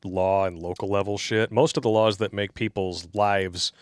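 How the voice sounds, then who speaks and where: A man's voice: on the low side, fairly even intonation, normal speed, no room sound, studio quality. A man co-hosting a casual livestream, reading donations aloud and joking bluntly with crude humor.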